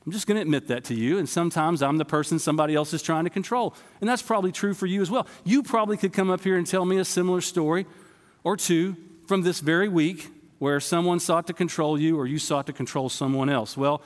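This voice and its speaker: A man's voice: a little high, fast. A man in his fifties preaching a sermon to his congregation, telling a story in a conversational way and speaking to them directly. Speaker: pastor. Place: church sanctuary. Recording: long reverb of a church hall.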